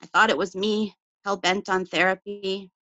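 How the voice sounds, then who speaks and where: A woman reads her poem aloud in a measured, intimate voice, letting phrases fall away softly. The sound is muffled and lo-fi, as on an online call, and dry with no room around it. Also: medium pitch, fairly even intonation, no echo. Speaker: poet. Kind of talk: poetry reading.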